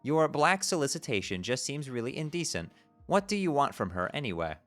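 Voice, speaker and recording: A man's voice: mid-range voice, sing-song, a little fast, a bit bright, soft background music. A man streaming himself as he reads a webcomic aloud, tripping over strange words, swearing casually and breaking off to laugh and comment.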